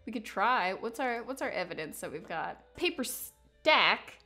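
A woman reading a story aloud over gameplay, with playful asides and musing out loud. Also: on the high side, big pitch swings, measured pace, faint music behind. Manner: playful, laughs at herself, muses aloud. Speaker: game storyteller.

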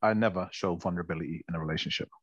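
A man with a very deep, husky voice speaks bluntly and provocatively in a casual chat. The recording is dry and close. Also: racing, no room sound, lo-fi sound.

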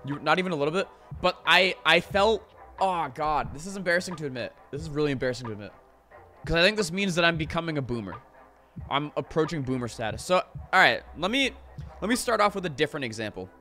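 A young man chats loosely to his live-stream audience, rambling through stories with plenty of "like" and casual swearing. His voice is bright and sits a little high. Faint music plays underneath. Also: fast. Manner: rambling and animated, lots of "like" and swearing.

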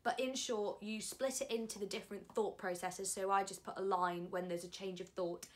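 A young woman talks to her viewers in a relaxed vlog style. She sounds chatty and enthusiastic, and her voice sits at an ordinary middle pitch for a woman. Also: normal speed. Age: young adult. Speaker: vlogger, drama school applicant. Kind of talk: casual advice chat.

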